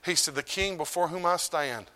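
A middle-aged man, preaching a sermon as pastor. He swings from loud declarations to low, hushed lines. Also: normal speed.

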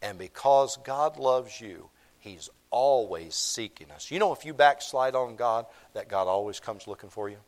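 A man's voice: mid-range voice, lively intonation, moderate pace, few pauses. A man, preaching a sermon in church, repeating his points for emphasis. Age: 50s. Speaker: pastor.

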